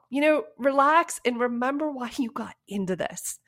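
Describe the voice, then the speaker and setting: A woman's voice: medium pitch, fairly quick, hardly any pauses. Chatty woman host, laughing storyteller. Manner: lively, laughs often, tells stories. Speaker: podcast host. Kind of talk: casual advice chat.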